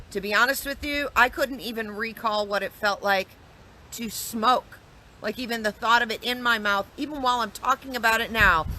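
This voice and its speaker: Woman telling a story from her life, bright clear voice, earnest and reflective, lots of restarts. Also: mid-range voice, a little hiss or hum. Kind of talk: casual personal storytelling.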